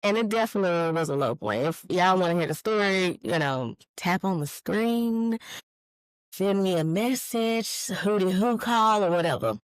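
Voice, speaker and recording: A woman, hosting a candid solo podcast and telling stories in a lively, frank way with swearing and laughter. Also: medium pitch, moderate pace, smooth, dry recording, poor audio. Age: 40s. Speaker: podcast host. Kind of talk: casual solo podcast, live-streamed.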